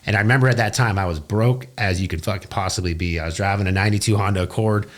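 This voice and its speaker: A man telling his story in a casual interview, animated and full of swearing. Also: fairly low pitch. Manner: fast, profane, animated storytelling. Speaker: guest, business owner.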